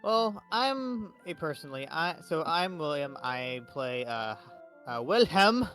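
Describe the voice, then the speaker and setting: A man's voice: fairly high pitch, animated, takes it slowly, bright, forceful tone, faint music behind. A man playing a paladin in a tabletop game, talking hesitantly and stumbling over words. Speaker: player. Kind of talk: in-character tabletop play.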